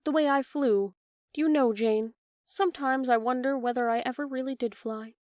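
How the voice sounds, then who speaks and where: A woman voicing a grown mother, soft and tender, in a storybook reading. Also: sits high, normal speed, no echo, clean studio sound, pitched above the performer's own voice, lightly acted. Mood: wistful.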